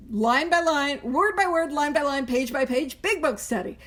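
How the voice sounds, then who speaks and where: A woman leading a recovery study group, animated, often laughing at herself, slowing down and softening when she recites prayers. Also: a little high. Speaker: Big Book study leader.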